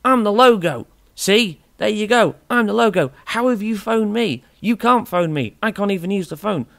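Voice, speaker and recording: A man putting on a high, squeaky voice for a talking console logo that complains it cannot answer the phone. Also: lively intonation, normal speed, creaky, a bit bright, exaggerated voice. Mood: indignant.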